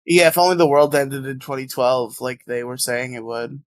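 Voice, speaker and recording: A man's voice: medium pitch, moderate pace, dry recording. Teasing, laughing man on a podcast. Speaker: podcast co-host. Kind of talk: casual podcast chat.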